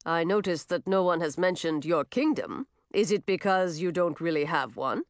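A woman's voice: fairly low pitch, normal speed, no room sound, clean studio sound, lightly acted. A woman doing a smug, sneering young nobleman. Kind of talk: audiobook character voice.

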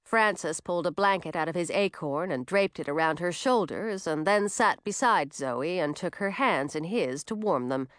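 A woman narrating a children's storybook aloud in a lively, expressive way. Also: fairly low pitch, moderate pace, few pauses, clean tone, no echo, clean studio sound.

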